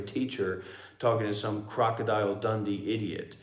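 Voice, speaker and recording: A man's voice: lowish voice, steady tone, a little slow, echoey room. A man who is a former monk and meditation teacher talking bluntly and sardonically on a livestream. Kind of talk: livestream Q&A talk.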